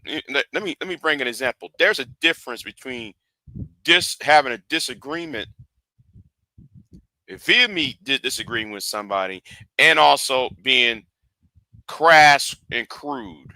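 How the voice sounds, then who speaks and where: A man's voice: mid-range voice, animated, measured pace, pauses often, pushed and bright, no echo. A man hosting a livestream rant, lecturing his viewers and often repeating and restarting his phrases. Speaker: livestream host.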